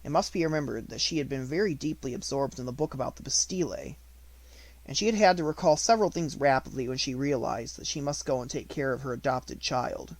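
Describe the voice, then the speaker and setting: Male audiobook narrator, measured pace, dry close recording. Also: medium pitch, animated, dry recording. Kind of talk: unabridged audiobook reading.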